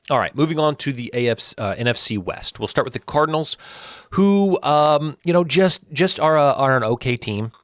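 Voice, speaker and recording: A man in his thirties with a lively voice that swoops up and down as he teases and defies his viewers. His pitch sits in the middle range, and the sound is dry and close, with no room echo. He hosts a sports channel and is blunt and full of opinions. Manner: animated, teasing and defiant, talking straight to viewers. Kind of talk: opinionated football rankings talk.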